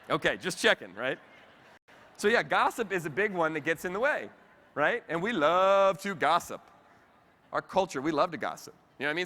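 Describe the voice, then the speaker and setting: A man giving a lively motivational keynote talk, chatting directly with the audience at a convention. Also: on the high side. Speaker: keynote speaker. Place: convention hall with live audience. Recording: reverberant convention hall.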